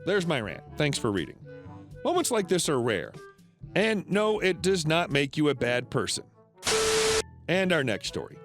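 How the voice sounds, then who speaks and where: A man with a fairly high voice reads first-person stories aloud. His pitch rises and falls a lot, so the telling sounds animated rather than flat. Soft music plays quietly under him. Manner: steady storytelling read with lively swings into quoted characters. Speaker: narrator. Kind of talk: scripted narration of online stories. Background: faint background music.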